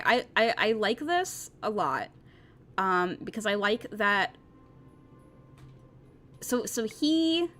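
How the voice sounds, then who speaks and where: A young woman streaming a game, reacting excitably and rambling with stammers. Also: mid-range voice.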